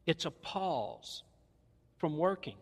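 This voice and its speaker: A man's voice: fairly high pitch, very animated, slow, in a large hall. A man with a Southern US accent preaching a sermon, folksy and conversational with playful asides. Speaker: pastor. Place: church.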